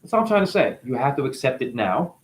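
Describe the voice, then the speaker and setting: A man's voice: mid-range voice, sing-song, quick pace. A man giving a rambling spiritual monologue, free-associating with wordplay, swearing often and breaking into laughter. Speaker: self-styled spiritual teacher.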